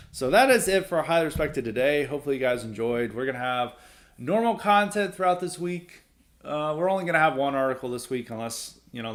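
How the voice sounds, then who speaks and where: A young adult man hosting a solo opinion podcast, sarcastic and blunt, laughing often as he rants. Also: mid-range voice. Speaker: podcast host.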